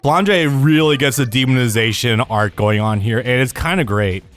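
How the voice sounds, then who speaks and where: A man's voice: mid-range voice, expressive, moderate pace, fairly bright tone. A man hosting a live let's play, chatting casually while he plays, swearing and laughing as he goes. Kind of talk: live gameplay commentary. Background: faint game music.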